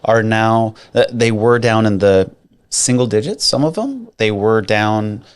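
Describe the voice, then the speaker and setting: Animated, jokey man with a low voice. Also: measured pace, smooth. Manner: animated, jokey asides, emphatic repeats. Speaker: podcast co-host, mortgage adviser. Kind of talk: casual chat.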